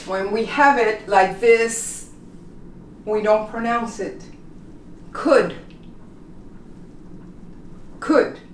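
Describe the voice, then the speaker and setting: A woman teaches pronunciation in a slow, unhurried way, repeating each example word with patience. She stands back from the microphone, and her voice echoes around the room. A faint hum runs underneath. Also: on the high side. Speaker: English teacher. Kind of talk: classroom pronunciation lesson. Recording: echoey room, mic at a distance.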